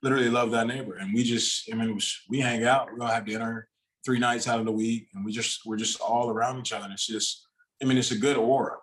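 A man's voice: medium pitch, steady tone, quick pace, a bit bright, slight background noise. A man talking as a podcast guest in a casual, rambling way, with loose, restarting sentences. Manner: rambling, many fillers and restarts.

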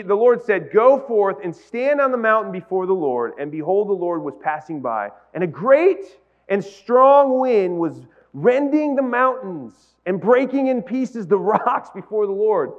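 A man's voice: high voice, lively intonation, measured pace, highs cut off. A male pastor giving a sermon, talking casually with the congregation and rising to emphatic peaks. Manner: conversational preaching, builds to emphatic peaks.

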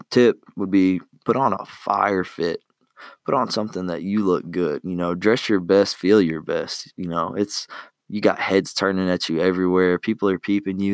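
A man's voice: low voice, smooth, no room sound, studio quality. A young man giving casual life tips in a laid-back, rambling way, full of fillers and slang. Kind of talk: casual advice monologue.

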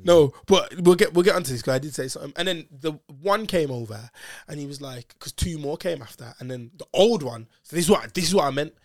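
Slangy young man, fairly high voice. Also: lively intonation, fast, darkish tone, no echo, studio quality. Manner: slangy, laughs often, acts out voices in his story. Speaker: storyteller in a casual chat. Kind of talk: casual chat, animated anecdote.

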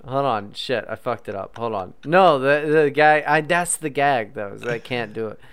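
A man's voice: medium pitch, normal speed, a bit bright, clear, resonant tone. A man co-hosting a podcast, bantering crudely and trying out silly impressions. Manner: jokey, tries silly impressions and bits. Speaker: podcast co-host.

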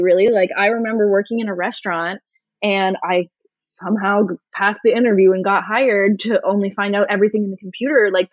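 A young woman talking casually as a podcast guest, animated and laughing often. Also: medium pitch, no echo, dull audio.

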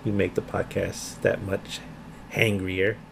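Gravelly low-key man. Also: flat delivery, takes it slowly, a little hiss or hum. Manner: dry, playful, low-key. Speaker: podcast co-host. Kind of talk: casual chat.

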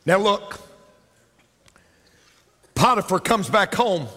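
Male pastor, high bright voice, lively swooping delivery, emphatic repeats; reverberant church hall. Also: slow pace. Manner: emphatic, repeats lines for effect. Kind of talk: sermon. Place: large church.

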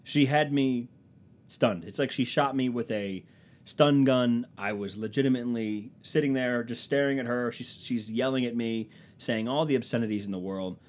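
A man's voice: mid-range voice, normal speed. A man telling comic stories as a podcast host in a profane, sarcastic, self-mocking casual rant. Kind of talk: casual comedic storytelling rant.

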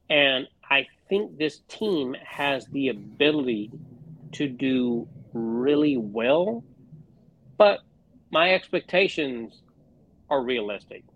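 A man's voice: on the high side, no echo. A man co-hosting a casual sports podcast, ranting with lots of swearing. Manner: profane, fired-up rants. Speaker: podcast co-host.

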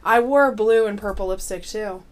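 A woman's voice: medium pitch, normal speed. A woman in her thirties co-hosting a podcast, chatting casually, laughing often and restarting her sentences. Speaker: podcast co-host. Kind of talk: casual chat.

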